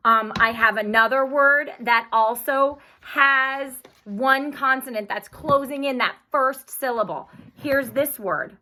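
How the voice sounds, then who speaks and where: Woman teacher, bright, higher voice, slow, clear and encouraging for young pupils. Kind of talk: online phonics lesson.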